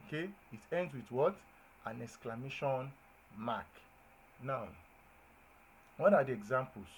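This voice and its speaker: A man's voice: mid-range voice, unhurried, a little hiss or hum, low-quality recording. A man teaching a grammar lesson to a class, repeating points and often checking whether his listeners understand. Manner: checks understanding with repeated questions, lively emphasis on examples.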